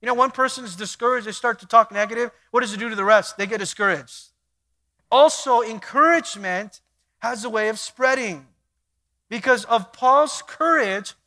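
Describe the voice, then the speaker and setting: A man preaching a sermon, swinging between quiet stretches and loud emphatic bursts, acting out little dialogues. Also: very high voice. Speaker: pastor.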